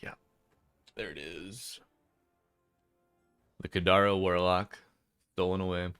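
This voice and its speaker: Male stream caster, deep, laid-back and chatty, dry close mic. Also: steady tone, slow, a bit bright, clean tone, no room sound, soft background music. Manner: chatty, laid-back, reads out chat names. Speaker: esports caster. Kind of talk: casual live-stream commentary.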